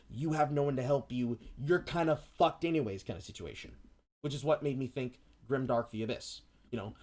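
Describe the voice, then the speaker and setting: A man casually recapping a film plot on a stream, animated and swearing freely. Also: fairly high pitch. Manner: animated, profane storytelling. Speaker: stream co-host.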